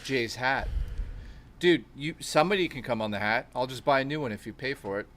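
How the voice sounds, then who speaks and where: A man co-hosting a live stream, reading out messages and tossing in dry, mocking asides. His voice sits at a middle pitch, and he talks in loose, casual banter. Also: lively intonation, fairly quick, fairly bright tone, a little hiss or hum. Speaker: co-host reading donations.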